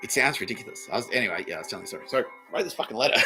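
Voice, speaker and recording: A man's voice: fairly low pitch, racing, soft background music, poor audio. A middle-aged man hosting a podcast, rambling through a comedic monologue, swearing and laughing often. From Australia. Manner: profane, laughing often, animated. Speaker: podcast host.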